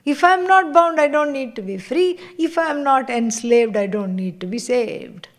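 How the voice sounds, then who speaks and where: A woman spiritual teacher giving a scripture class, unhurried and laughing often as she tells stories. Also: sits high, animated.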